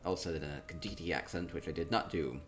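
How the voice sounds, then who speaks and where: A man chatting casually through a tour of a game, upbeat and quick to repeat himself, with soft laughs between remarks. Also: extremely low pitch. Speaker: gaming streamer touring player-built homes. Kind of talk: casual gameplay commentary.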